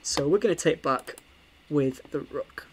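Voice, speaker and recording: A young man, casually talking through a chess game for stream viewers, animated and full of ums and restarts. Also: fairly high pitch, unhurried, slight background noise. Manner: animated, with frequent fillers and restarts.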